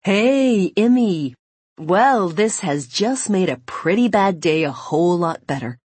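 A woman voicing a cheerful, lovesick American man with a husky voice. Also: on the low side, animated, slow pace, a little mellow, full character voice.

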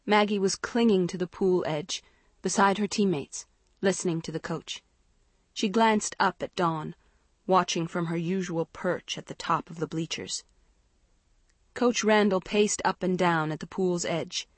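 A woman narrating a story in a measured, expressive reading. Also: on the low side, no echo. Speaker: audiobook narrator. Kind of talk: scripted narration.

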